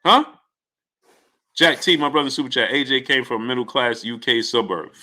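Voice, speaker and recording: A man hosts a casual live stream with a bright, forceful voice. He talks in an animated way and greets viewers by name between remarks. His pitch sits in the middle range. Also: fast talker.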